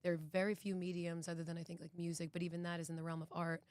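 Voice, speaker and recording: A woman's voice: fairly low pitch, flat delivery, rapid-fire, darkish tone, dry recording. A woman from Boston, an actress guest on a podcast, talking in an earnest, reflective way with frequent restarts. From Boston, United States. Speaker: actress and executive producer, guest. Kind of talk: casual podcast interview.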